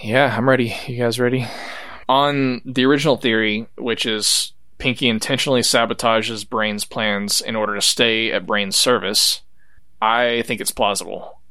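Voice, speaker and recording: A man co-hosting a podcast, calmly explaining in casual chat. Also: medium pitch, moderate pace. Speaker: podcast co-host.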